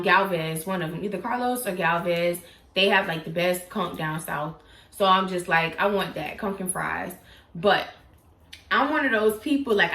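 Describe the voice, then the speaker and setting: A bright, animated young woman, telling a story straight to camera. She acts out every quote with big jumps in pitch. Her voice rings off the walls of an echoey room. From South Florida. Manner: animated, dramatic retelling with acted-out quotes and sudden pitch jumps. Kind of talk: casual storytime vlog.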